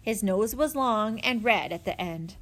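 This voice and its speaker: A woman narrating a children's chapter book in an expressive storytelling manner. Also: mid-range voice, unhurried. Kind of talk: audiobook narration.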